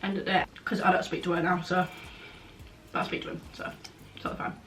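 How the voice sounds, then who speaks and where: A woman's voice: fairly low pitch, little pitch movement, fast, a bit bright. A young woman chatting frankly in a casual vlog Q&A, blunt and full of "like" fillers. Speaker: vlogger. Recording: roomy, slightly distant, faint background noise.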